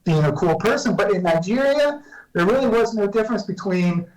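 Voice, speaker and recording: A man talking as a guest professor on a video call, measured and explanatory with frequent restarts. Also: high voice, expressive, darkish tone, far from the mic, low-quality recording. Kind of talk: remote interview answers.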